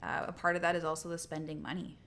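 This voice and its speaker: Low-voiced woman co-hosting. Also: level tone, fast talker, fairly bright tone, a little hiss or hum. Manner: conversational, many restarts. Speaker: co-host. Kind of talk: casual livestream chat.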